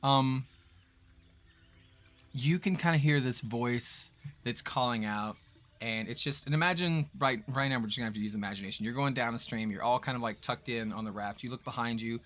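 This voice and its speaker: A man at mid pitch narrating a tabletop game as game master. He talks in a relaxed, rambling way and fills his sentences with ums and likes. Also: moderate pace. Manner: relaxed, rambling, lots of fillers.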